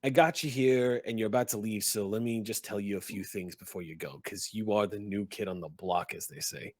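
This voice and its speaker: A man voicing a gruff, impatient male red cap driver who talks curtly, swears and barks orders. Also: fairly low pitch, fairly even intonation, brisk, dry recording, voice pushed down, natural voice. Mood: earnest.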